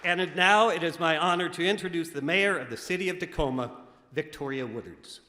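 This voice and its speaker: A man emceeing an awards ceremony in a relaxed, joking manner with frequent fillers. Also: a little high, fairly quick, noisy background. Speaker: master of ceremonies. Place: large historic theater. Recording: echoey theater with a crowd behind.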